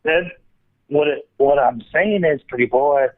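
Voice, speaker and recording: A man's voice: on the high side, unhurried. A man calling into a show and mocking the host in a trolling manner. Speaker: caller. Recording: tinny phone line.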